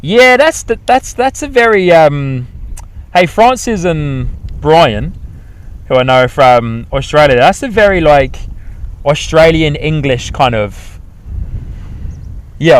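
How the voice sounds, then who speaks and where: A man's voice: a little high, lively intonation, slow pace. A young man hosting a live stream, chatting casually and rambling with lots of fillers, outdoors at an airport. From New Zealand. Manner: rambling, hesitant, friendly chatter with many fillers. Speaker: livestream host.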